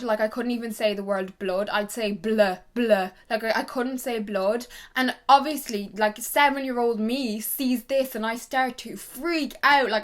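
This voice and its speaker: A young woman, chatting to camera and telling stories in a gossipy way. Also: a little high. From Ireland. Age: young adult. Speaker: YouTuber. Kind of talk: casual chat to camera.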